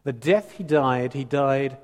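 A man's voice: medium pitch, takes it slowly. A man preaching a sermon in a conversational, teasing, emphatic way. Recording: reverberant hall.

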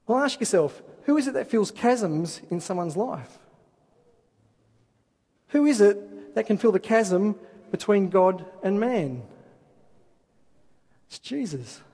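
A man's voice: high-pitched, animated, slow, pauses often, dark tone, breathy edge. A man preaching a sermon, asking rhetorical questions and reading scripture aloud. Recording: long hall reverb.

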